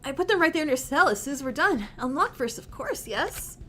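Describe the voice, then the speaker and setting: A woman's voice: high-pitched, sing-song, fairly quick, a bit bright, soft background music. A woman reading as a shy nonbinary student.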